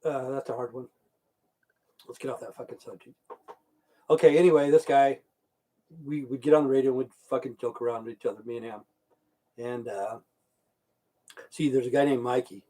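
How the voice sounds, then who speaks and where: This is a casual, rambling livestream in which a middle-aged man tells stories, swears constantly and reads out viewer names from chat. His warm, mid-range voice stays fairly even in intonation, moving at normal speed with long pauses.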